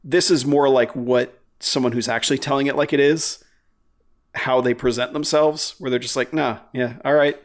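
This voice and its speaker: A man's voice: mid-range voice, fairly even intonation, normal speed. A man in casual podcast chat, rambling with many fillers and frequent swearing.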